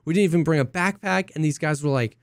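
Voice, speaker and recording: A young man co-hosting a casual podcast, an excitable storyteller who acts out quotes in high voices. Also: fast, no room sound, clean studio sound. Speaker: podcast co-host. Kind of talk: casual chat.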